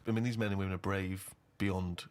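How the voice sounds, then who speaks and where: A man's voice: deep voice, steady tone, a little fast. A man asking incredulous, probing questions in a casual chat. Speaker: co-host.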